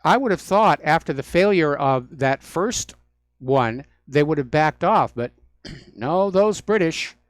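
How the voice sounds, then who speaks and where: A male talk radio host riffs through the news on his own, full of sardonic, mocking asides. His voice sits somewhat high for a man. He is recorded close and dry in a studio with no room echo. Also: expressive, slow. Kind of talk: solo talk radio commentary.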